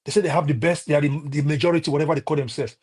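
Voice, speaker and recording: This Nigerian-accented man talks rapid-fire in a fairly high, husky, slightly mellow voice with fairly even intonation. During a heated live-stream political rant he is repetitive and passionate, with many restarts and fillers.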